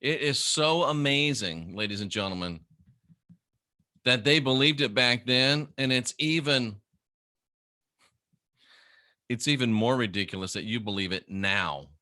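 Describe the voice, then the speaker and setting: A middle-aged man rants straight to camera in a mocking, scornful tone. His voice is sharp and forceful, and the recording is close and dry with no room sound. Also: medium pitch, unhurried, long pauses, no room sound. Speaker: former minister turned critic. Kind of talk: ranting monologue to camera.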